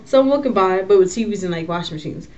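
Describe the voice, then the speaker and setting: A young woman telling a story in a casual vlog, slangy and animated, cursing freely. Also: medium pitch, fast talker, muffled recording.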